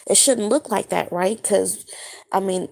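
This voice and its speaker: Woman, just awake, slow halting delivery with fillers; gravelly vocal fry, dream-retelling vlog. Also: mid-range voice, darkish tone. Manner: halting, searching for words, many fillers. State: just woken up. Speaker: spiritual vlogger. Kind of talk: casual monologue recounting a dream.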